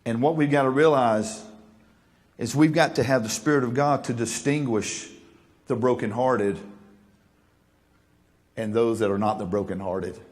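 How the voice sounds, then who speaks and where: A man's voice: mid-range voice, measured pace, pauses often, in a large hall. A male pastor preaching a sermon, folksy and joking, then earnest and emphatic.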